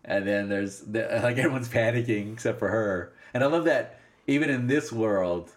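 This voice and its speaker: A man in casual film discussion, animated, laughing often and acting out lines from scenes. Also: fairly low pitch, normal speed.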